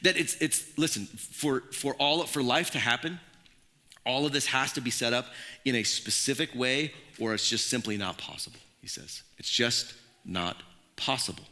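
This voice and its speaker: A man preaching a casual, conversational sermon in a church, animated and full of asides and restarts. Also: medium pitch, normal speed. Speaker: pastor.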